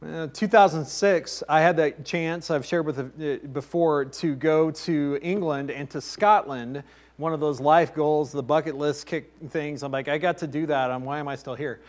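Pastor guy preaching in a high voice, folksy, keeps checking in w the crowd. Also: steady tone, moderate pace. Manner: conversational, anecdotal preaching with asides to the congregation. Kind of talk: sermon.

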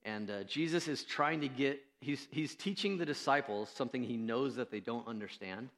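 Preaching in an echoey church hall, this male pastor has a mid-range, fairly bright voice and speaks at normal speed. He keeps it conversational with fillers, teases himself, and acts out the quotes of the people in his stories.

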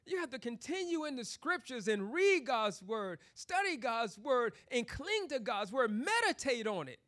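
A man's voice: very high-pitched, very animated, a little slow, a bit bright. A man preaching a sermon, telling a personal testimony in a chatty way full of "you know" and "you see", then building into emphatic preaching. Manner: testimony told conversationally, rising into emphatic preaching.

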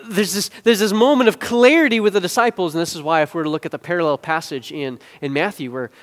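A man preaching a sermon, building from quiet explanation to loud, emphatic peaks and back to hushed asides. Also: high-pitched, quick pace, in a large hall. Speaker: pastor.

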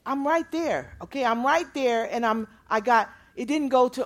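Woman preacher, sermon, higher voice, builds to loud proclaiming then drops soft. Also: fairly quick, hardly any pauses.

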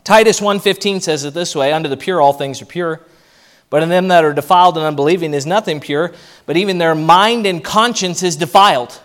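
A male pastor with a noticeably high-pitched voice delivers a sermon with lots of energy. He keeps acting out the voices of the people he describes. The delivery is conversational and lively. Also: a little fast. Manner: animated, acts out quoted voices.

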